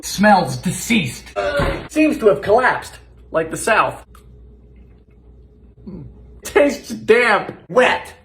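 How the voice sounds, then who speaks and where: A Bermudian man in his twenties giving comedic vlog commentary in a theatrical, sarcastic way, breaking into shouted exclamations. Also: high voice, big pitch swings, takes it slowly, long pauses, a little hiss or hum. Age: 20s. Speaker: cooking video creator.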